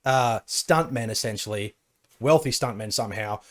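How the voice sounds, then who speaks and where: A man hosting a podcast in casual chat, animated and swearing as he talks. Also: lowish voice, moderate pace. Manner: animated, swearing, laughing at his own jokes. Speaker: podcast host.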